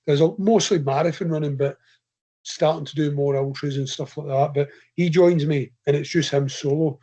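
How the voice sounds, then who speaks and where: In slightly dull, lo-fi podcast audio, a guest who's an ultra runner tells a casual, rambling story in a Scottish accent, laughing frequently as he chats. His voice is a little high and warm, with a steady tone and normal speed.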